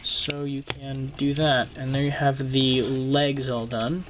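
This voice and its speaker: A young man reviewing a toy at his desk in a casual, halting way, with frequent ums and uhs, filmed on the camera's own microphone. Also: mid-range voice, flat delivery, noisy background. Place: home desk filming a toy close up.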